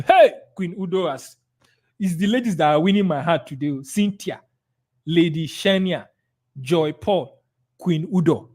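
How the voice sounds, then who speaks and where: At a measured pace, with a voice on the high side, a man with a Nigerian accent hosts a live webinar on sales. He's energetic, reading out chat comments and role-playing how to answer clients.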